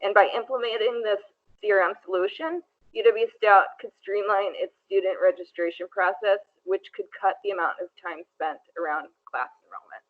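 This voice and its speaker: A woman's voice: medium pitch, moderate pace. A woman student presenting a class project, reading from notes with frequent fillers and restarts. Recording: tinny phone-like audio.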